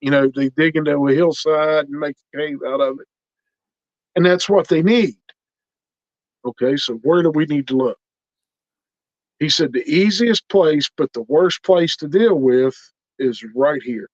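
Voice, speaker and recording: A man's voice: a little high, unhurried, no room sound. A middle-aged man telling stories in casual talk, acting out the other people in each exchange. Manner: animated, quotes other people in dialogue. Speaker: interview guest telling his experiences. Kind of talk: casual storytelling. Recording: dull lo-fi recording.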